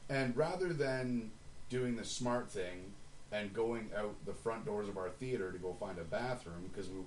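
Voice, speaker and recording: A man's voice: fairly low pitch, a little slow, far from the mic. A man casually telling a long profane backstage story, acting out what people said. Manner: profane storyteller, acts out quotes. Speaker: musician. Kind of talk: casual podcast chat. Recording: roomy with faint noise, a bit off-mic.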